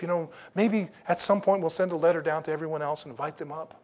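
Man, pastor, sermon, slightly high voice, folksy, rhetorical questions, emphatic. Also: darkish tone. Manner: conversational, rising to emphatic slow declarations.

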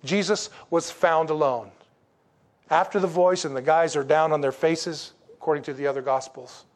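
Man, pastor, sermon, slightly high voice, folksy, rhetorical questions, emphatic. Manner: conversational, rising to emphatic slow declarations.

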